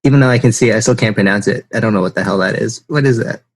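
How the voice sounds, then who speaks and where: A man's voice: lowish voice, rapid-fire. A man hosting a podcast in casual chat, playful and teasing with his guest. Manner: playful, teasing, jumps into silly voices. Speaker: podcast host.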